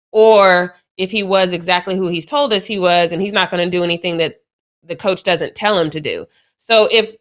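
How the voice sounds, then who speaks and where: A young woman co-hosting a sports talk show, animated and incredulous, laughing easily as she reacts to clips. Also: lowish voice. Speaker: show co-host. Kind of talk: sports commentary chat.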